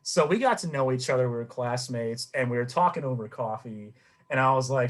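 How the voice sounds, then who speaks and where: A man's voice: mid-range voice, fairly quick. A young man in casual podcast chat, telling a story with energy and acting out the quotes. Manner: animated storyteller, acts out quotes. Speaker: podcast co-host.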